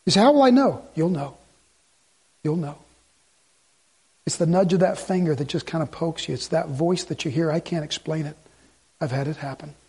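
A man preaching a sermon as pastor, swinging between loud urgency and hushed pleading. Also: fairly high pitch, steady tone, moderate pace, long pauses, breathy edge.

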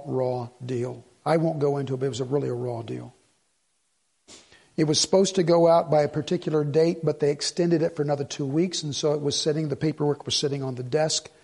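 A male pastor delivers a sermon in a gravelly, husky voice pitched a little high. He tells his stories animatedly and acts out both sides of the conversations he recounts. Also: brisk. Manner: animated storytelling, acting out dialogue.

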